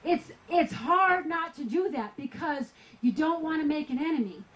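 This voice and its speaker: A woman's voice: high-pitched, expressive, moderate pace, a bit bright, poor audio. A woman preaching at a gospel tent meeting, telling a personal story earnestly, sometimes laughing.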